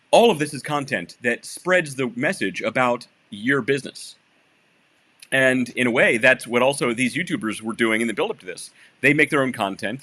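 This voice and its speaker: Lively, bright-voiced man co-hosting. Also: medium pitch. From Michigan. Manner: explains and jokes, lively. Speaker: podcast co-host. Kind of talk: casual podcast chat.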